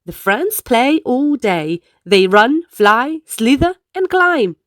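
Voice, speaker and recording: A woman reading picture books aloud to children in an animated, sing-song way. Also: a little high, takes it slowly, few pauses, dry recording, studio quality. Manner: animated, sing-song, playful sound effects. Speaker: storyteller. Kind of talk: picture-book read-aloud for kids.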